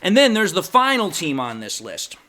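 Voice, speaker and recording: A man with a fairly high voice talks through his football opinions on his own fan channel. His talk is casual and opinionated, and now and then he trips over his words and restarts. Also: huge pitch swings, moderate pace, bright, forceful tone. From Detroit Lions fan. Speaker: sports fan channel host. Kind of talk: casual sports commentary vlog.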